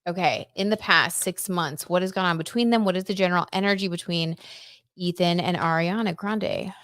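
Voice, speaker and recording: Brisk and a bit bright despite a fairly low pitch, this woman hosts a casual tarot livestream recorded dry with clean studio sound. She chats loosely, reads viewer comments aloud, and frequently drops "like" and "I don't know."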